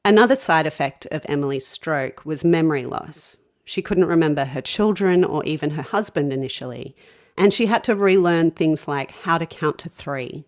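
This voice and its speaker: A woman interviewer narrating and asking questions in a measured way. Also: deep voice.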